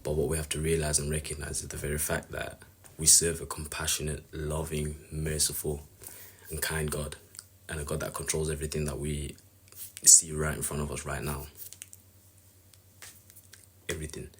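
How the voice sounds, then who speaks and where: Very deep, husky-voiced man musing earnestly. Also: completely flat delivery, normal speed, pauses often. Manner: earnest, rambling, thinking aloud. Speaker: Bible reflection speaker. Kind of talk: casual devotional talk.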